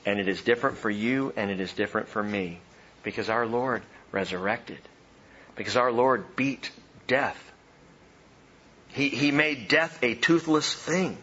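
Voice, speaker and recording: A man preaching a sermon, animated, swinging from loud emphatic lines to soft hushed ones. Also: mid-range voice, measured pace, highs cut off, a little hiss or hum. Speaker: pastor.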